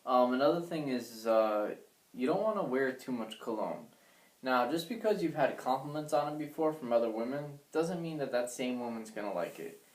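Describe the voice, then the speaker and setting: A young man giving dating advice in a measured way, with many ums and uhs. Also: mid-range voice, animated. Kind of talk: casual advice talk. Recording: echoey room.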